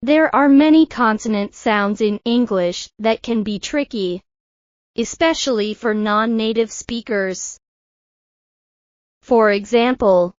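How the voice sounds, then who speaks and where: A woman teaching an English pronunciation lesson in a scripted style, modelling words slowly and clearly for the learner to repeat. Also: on the high side, no echo, lo-fi sound. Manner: slow, deliberate, models words for repetition.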